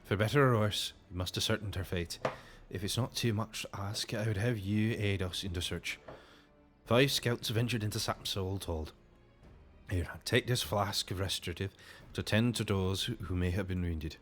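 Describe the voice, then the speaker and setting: A man's voice: lowish voice, moderate pace, soft background music, lightly acted. A man doing a grave Irish commander. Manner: grave, formal, cautious. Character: grave military commander, worried for his men.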